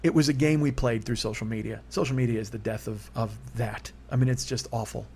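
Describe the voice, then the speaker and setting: Guy in his 40s rambling thru a breakup story, candid, mid pitched voice that spikes up when riled. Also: steady tone, brisk, creaky, a little mellow. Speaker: podcast host telling a personal story. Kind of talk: confessional solo monologue.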